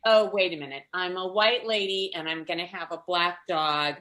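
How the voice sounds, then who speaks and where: An older woman doing stand-up comedy over a video call, telling stories with animated acted-out voices and frequent laughter. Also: fairly low pitch, moderate pace. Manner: animated storyteller, acts out voices, laughs often.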